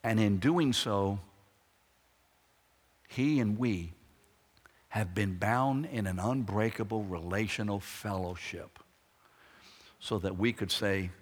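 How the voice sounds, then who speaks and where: A man's voice: lowish voice, expressive, slow pace, pauses often, husky. A man preaching a sermon with emphatic phrasing and rhetorical questions to the congregation. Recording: echoey hall reverb.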